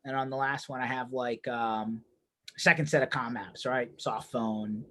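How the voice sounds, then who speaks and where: A man hosts a live session with easygoing, upbeat banter and casual slang. He speaks at a middling pitch over a video call. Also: fairly even intonation, unhurried, fairly bright tone, slight background noise. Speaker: host. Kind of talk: casual chat.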